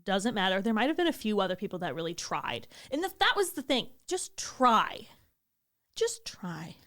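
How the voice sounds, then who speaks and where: A woman's voice: mid-range voice, very animated, a little fast, bright, forceful tone. A young woman co-hosting a podcast, telling a story in a casual chat, acting out quotes and swearing freely. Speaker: podcast co-host.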